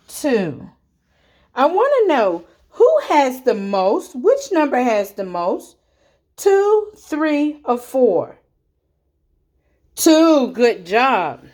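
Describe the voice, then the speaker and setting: A woman teacher speaking slowly and clearly to young children, clapping out names and counting along with them. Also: a little high.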